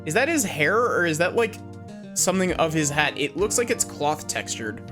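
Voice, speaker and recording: A young woman streamer making chatty, halting asides while playing a game, over game music. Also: sits low, big pitch swings. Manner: chatty, hesitant asides, trailing off. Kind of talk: casual livestream commentary.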